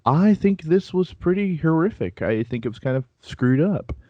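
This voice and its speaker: A man's voice: on the high side, lively intonation, moderate pace, darkish tone, no echo, dull audio. A man co-hosting a casual anime chat, talking in a chatty, defensive way and laughing easily. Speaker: podcast co-host.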